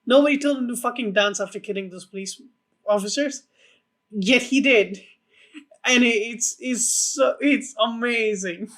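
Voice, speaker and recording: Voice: medium pitch, moderate pace, fairly bright tone. A co-host on a casual film podcast, talking with blunt enthusiasm and some swearing.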